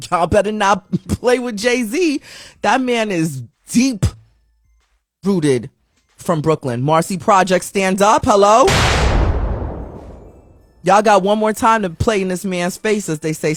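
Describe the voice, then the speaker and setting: A woman's voice: medium pitch, animated, takes it slowly, no echo. A woman hosting a podcast, casually running through celebrity news headlines in a chatty, slangy, self-mocking way, sometimes tripping over her words. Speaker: podcast host.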